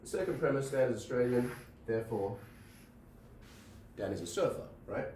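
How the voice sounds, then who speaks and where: A man's voice: mid-range voice, expressive, normal speed, darkish tone, a little hiss or hum. A man giving a logic lecture in a classroom, often restarting phrases and checking in with "right?". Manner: repeats himself, checks in with "right?". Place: classroom with a board. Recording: echoey room, mic at a distance.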